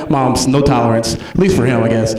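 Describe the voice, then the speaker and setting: A man performing a stand-up comedy set, telling animated stories and acting out the people in them. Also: mid-range voice. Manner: animated storytelling, acts out characters. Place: comedy club stage. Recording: echoey club from far off.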